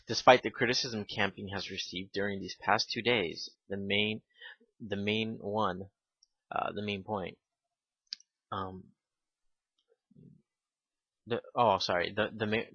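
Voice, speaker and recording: A man giving casual spoken commentary, halting with fillers and restarts, and given to irritated asides. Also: low voice, sharp tone, slightly rough, no room sound. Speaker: video commentator. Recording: dull lo-fi home recording.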